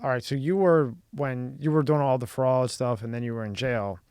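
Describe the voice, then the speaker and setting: A man's voice: medium pitch, moderate pace, a little mellow, smooth, no room sound, clean studio sound. Teasing podcast host man. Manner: teasing, jokey. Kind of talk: casual interview chat.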